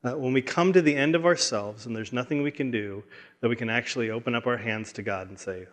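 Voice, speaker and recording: A man delivers a sermon in an earnest, heartfelt way. He often trips over his own words and repeats them as he pushes forward, speaking at an average pitch for a man. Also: fast. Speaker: pastor.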